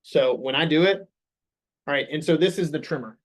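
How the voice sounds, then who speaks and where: A man's voice: a little high, a little fast. Upbeat young man coaching a sales team. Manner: coaching, upbeat, asks the group questions. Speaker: sales meeting leader. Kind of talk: leading a staff meeting.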